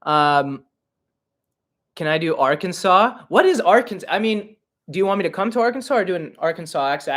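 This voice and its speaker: A young man from Canada hosts a solo livestream Q&A. His voice sits a little high for a man. He rambles and cracks self-deprecating jokes as he answers fan questions. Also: expressive, fairly quick, fairly bright tone. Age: 20s. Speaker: comedian and podcast host. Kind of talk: casual livestream Q&A.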